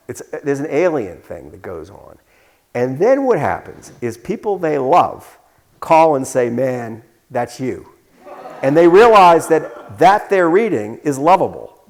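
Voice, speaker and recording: A man, an author, talking onstage in a live conversation, telling stories with many false starts and restarts. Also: fairly high pitch. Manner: rambling storyteller with many restarts. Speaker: author answering questions.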